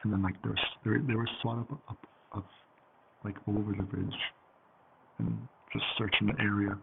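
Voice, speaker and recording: A man's voice: lowish voice, little pitch movement, normal speed, gravelly. A man telling a story in a casual, rambling way, with lots of fillers and swearing. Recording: tinny phone-like audio with faint hiss.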